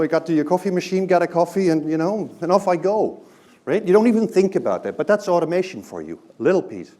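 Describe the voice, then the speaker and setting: Male speaker giving a live talk, warm mellow tone, very animated delivery, chatty asides to the audience. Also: fairly high pitch. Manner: conversational, often checks in with "right?". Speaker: presenter.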